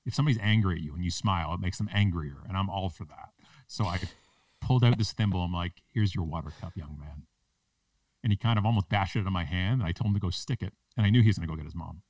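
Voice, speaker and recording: A man's voice: sits low, very fast, a little mellow, no echo, far from the mic. A man, a public speaker and podcast guest, tells a story with punchy, self-mocking comic timing. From Canada. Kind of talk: animated storytelling in a podcast interview.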